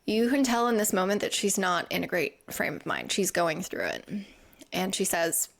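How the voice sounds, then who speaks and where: Woman, podcast host, earnest reflective recap narration, gravelly fry in the voice. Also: lowish voice, lively intonation, normal speed. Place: lives in England.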